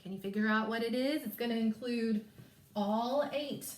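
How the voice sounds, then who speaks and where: A woman teacher leading a phonics lesson, stretching words out slowly and sounding each letter carefully. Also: a little high, a little mellow. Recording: echoey room.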